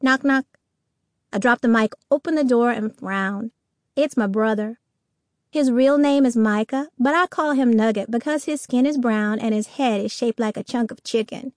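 A woman narrating a first-person children's audiobook in a lively storytelling manner. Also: on the high side, moderate pace, dry recording, clean studio sound.

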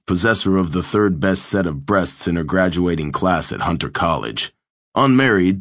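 A man with a deep, low voice reads an audiobook in a measured, wry way. The sound is close and dry, with no room around it. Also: no echo. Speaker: audiobook narrator. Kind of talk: scripted audiobook narration.

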